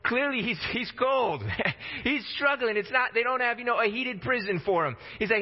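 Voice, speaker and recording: A man with a high voice preaches a sermon in a relaxed, talky way and slips into casual voices for quotes. His voice rings in a long hall echo, and the recording sounds dull and lo-fi. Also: moderate pace.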